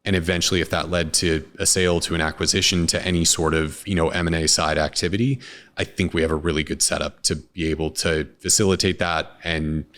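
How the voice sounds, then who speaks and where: Low-voiced man talking business, rambling. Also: a little fast. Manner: relaxed, rambling, with many restarts and fillers. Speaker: restaurant co-founder and CEO. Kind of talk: casual interview talk.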